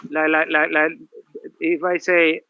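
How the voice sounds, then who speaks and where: A man's voice: on the high side, measured pace, clean tone, no room sound, muffled recording. A male professor giving a classroom grammar lecture, asking rhetorical questions and repeating himself. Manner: lively, repetitive, rhetorical questions.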